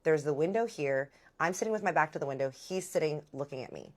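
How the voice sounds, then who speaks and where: A woman vlogger telling a story in casual chat, animated and profane, talking straight to her viewers. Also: low voice, quick pace.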